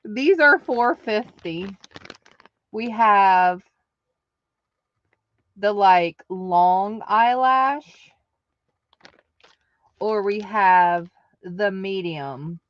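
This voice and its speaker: A woman's voice: medium pitch, drawn-out words, long pauses, no echo, highs cut off. A woman hosting a live online craft sale, chatting casually and answering viewer comments aloud. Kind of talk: casual live-selling chat.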